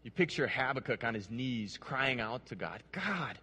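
A man's voice: medium pitch, big pitch swings, moderate pace, hardly any pauses, bright, forceful tone, breathy edge, big-room sound. A man preaching a sermon, reading scripture aloud and putting questions to his listeners, often repeating words as he goes. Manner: earnest, repeats words, asks the audience questions.

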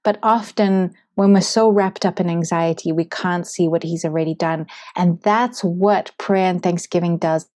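A woman's voice: lowish voice, steady tone, moderate pace, few pauses, darkish tone. A woman from Zimbabwe hosting a devotional podcast, talking in an earnest, reflective, conversational way. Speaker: podcast host.

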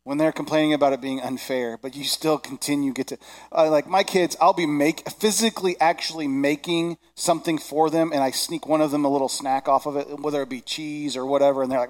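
A man, probably in his thirties, preaching a sermon in a conversational, animated way, acting out little voices. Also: fairly high pitch, moderate pace. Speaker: pastor.

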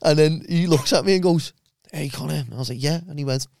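A young man, a podcast guest telling crude, animated anecdotes with lots of laughter. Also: on the high side, quick pace, a crowd in the background. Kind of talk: casual storytelling chat.

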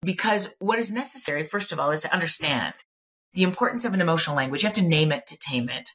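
Woman, middle-aged, low voice, emphatic, blunt, casual swearing, interview guest. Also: expressive, quick pace, fairly bright tone. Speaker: clinical psychologist, guest. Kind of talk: candid conversational interview.

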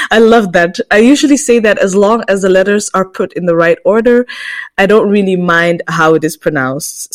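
Woman in her twenties hosting a podcast. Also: medium pitch. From Belgium. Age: 20s. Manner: personal, reflective storytelling. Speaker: podcast host. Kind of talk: scripted podcast monologue.

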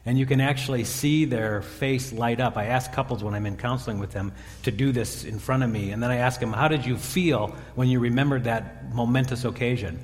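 A man preaching in a reverberant hall, his mid-range voice ringing out with a long tail of echo. He retells a Bible story with lively acted character voices, rising higher and louder at the exciting moments. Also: a little fast, few pauses. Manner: animated storytelling, voicing biblical characters. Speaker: pastor. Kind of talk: sermon.

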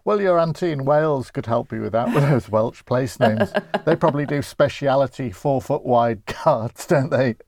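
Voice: medium pitch, animated, normal speed, gravelly, few pauses, darkish tone, dry recording. A co-host in a casual comic chat, teasing with a dry wit. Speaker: podcast co-host.

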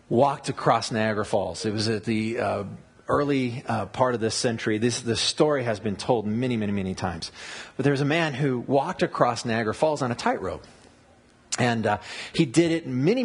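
A man preaching a sermon, explaining word meanings and telling stories in an animated way. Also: mid-range voice, breathy edge. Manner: animated storytelling with wordplay and asides. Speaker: pastor.

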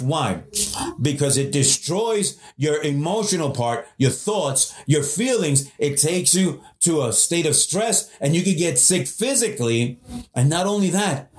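Man preaching in an echoey room. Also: fairly high pitch. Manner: emphatic preaching, varied pace, repeats words and restarts. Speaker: pastor. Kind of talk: sermon.

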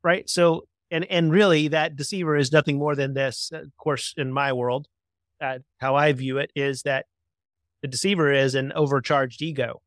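Reflective, halting man. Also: a little high, steady tone, dry recording, clean studio sound. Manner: reflective, halting, speaks in spiritual terms. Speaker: podcast co-host. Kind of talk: casual conversation.

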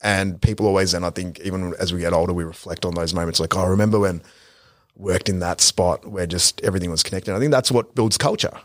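A man co-hosting a podcast, talking in a reflective, unhurried way and often saying "like". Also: sits low, fairly even intonation, fairly bright tone, no room sound, studio quality. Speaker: podcast co-host. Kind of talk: casual podcast chat.

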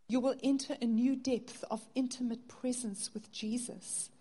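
A woman preaching a sermon in an earnest way, her voice dropping soft on tender phrases. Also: on the high side, fairly even intonation, a little slow. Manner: earnest, softening to near-hush on intimate phrases.

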